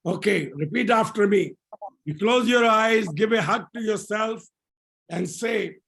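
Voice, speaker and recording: A man leading a laughter yoga session over a video call, energetic and repeating his phrases for the group to echo. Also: high-pitched, unhurried, creaky, husky.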